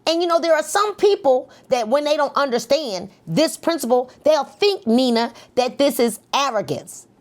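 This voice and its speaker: A middle-aged woman coaching a live motivational session, energetic and leading the group in call-and-response with lots of repetition. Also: high-pitched, normal speed, hardly any pauses. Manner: energetic, repeats phrases for emphasis, leads call-and-response.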